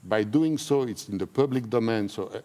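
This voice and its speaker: A man who speaks natively, talking in an emotional conference interview, earnest and halting, often repeating himself. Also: lowish voice, mellow. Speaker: interviewee, whistleblower. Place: conference stage.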